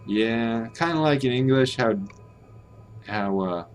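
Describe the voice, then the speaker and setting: A man's voice: mid-range voice, expressive, takes it slowly, soft background music. An American man hosting a language-learning live stream, thinking aloud in a hesitant, self-correcting way. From United States. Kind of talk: casual live-stream commentary.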